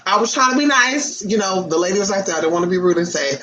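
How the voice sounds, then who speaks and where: A sassy, foul-mouthed vlogger rants straight to camera with plenty of emphasis, tossing in honey and baby. The voice sits at a middle pitch, and the recording sounds dull and lo-fi. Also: animated, quick pace, pushed and bright, a little hiss or hum. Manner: calls listeners honey and baby. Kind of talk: casual ranting monologue to camera.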